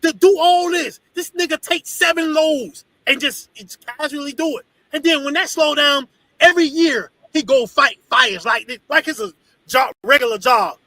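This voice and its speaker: A man teaching a congregation in an animated, profane, storytelling preaching style. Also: very high voice, normal speed, no echo, low-quality recording. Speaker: religious teacher.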